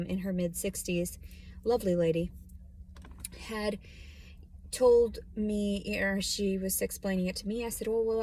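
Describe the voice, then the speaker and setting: A woman's voice: mid-range voice, warm tone, a little hiss or hum. A woman vlogging from her parked car, talking bluntly and rambling, with plenty of swearing. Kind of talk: casual vlog monologue. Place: parked car in a store lot.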